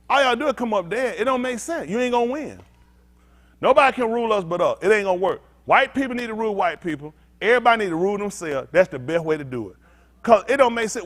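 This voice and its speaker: A man preaching a sermon-style teaching with call-and-response. He talks bluntly, swinging between loud emphatic outbursts and low muttered asides. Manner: blunt, street-talking preacher. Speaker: pastor.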